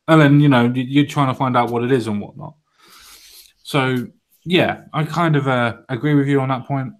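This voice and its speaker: A man hosting a loose podcast conversation, swearing freely and leaning hard on his punchlines. His voice sits at an ordinary middle pitch and he talks like a casual, jokey host. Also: fairly even intonation, fairly quick. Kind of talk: casual chat.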